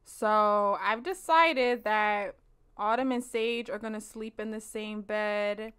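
A young woman casually commenting on her life-sim game for viewers, animated, laughing and slangy. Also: medium pitch, slow pace, clean tone. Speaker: let's play host.

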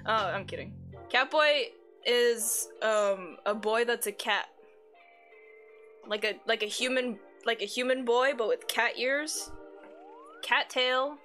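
A woman's voice: on the high side, slow pace, pauses often, bright, forceful tone. A woman live streamer in casual chat, reading her chat aloud, swearing freely and giggling often. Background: faint background music.

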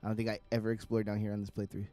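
A man's voice: fairly low pitch, completely flat delivery, rapid-fire, warm tone. A man giving casual, profane live commentary while playing a video game, chatting to himself and to the game. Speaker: streamer.

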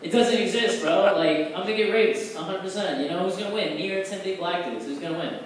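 Young male comic, rambling open-mic stand-up, a touch high-voiced; distant, echoey, noisy bar recording. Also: fast talker. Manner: loose rambling delivery with many fillers, jumping into loud put-on voices.

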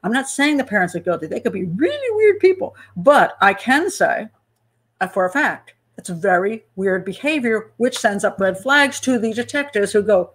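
A woman hosting a true-crime channel, analysing a case in a casual, animated way, pausing to check her notes and acting out people's reactions. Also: medium pitch, breathy edge. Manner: animated, talks to herself while checking notes, acts out panicked parents. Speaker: criminal profiler and channel host.

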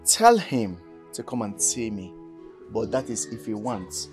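A man's voice: lowish voice, very animated, a little slow, music in the background. An actor playing an aggrieved young man who explains himself respectfully, with a Nigerian accent and an indignant tone. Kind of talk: Nollywood film acting.

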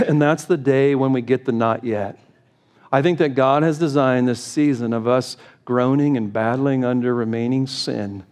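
A middle-aged man preaches a sermon from a church pulpit. His voice sits at an ordinary mid pitch. He speaks with earnest conviction that rises into impassioned, urgent pleading. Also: darkish tone. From United States. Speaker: pastor. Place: church sanctuary.

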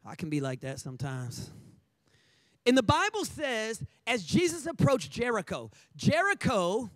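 A man's voice: high voice, huge pitch swings, normal speed, no room sound. A male pastor preaching a sermon with energy and strong emphasis.

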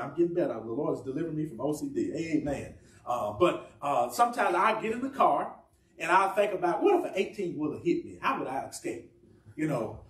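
A man's voice: fairly high pitch, reverberant, distant mic. A man preaching a sermon in a conversational, humorous way, asking the congregation questions. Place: church.

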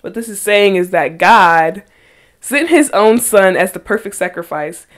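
A woman's voice: medium pitch, lively intonation, a little slow. A woman hosting a faith podcast, earnestly reading Bible verses aloud and pressing her points with emphatic rhetorical questions. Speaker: podcast host.

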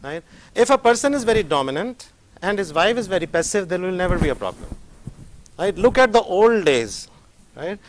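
Animated man lecturing. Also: a little high. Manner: animated storytelling, acting out dialogues. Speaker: professor. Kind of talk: motivational lecture.

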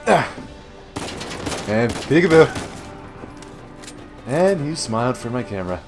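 A man narrates his own playthrough in a loose, joking way, cursing freely and shouting whenever the enemies get him. His voice sits at an ordinary pitch. Soft game music and gunfire hum underneath. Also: big pitch swings, slow pace. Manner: jokey, swears a lot, shouts at enemies. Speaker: gamer doing a let's play. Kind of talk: casual gameplay commentary. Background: faint game music and gunfire.

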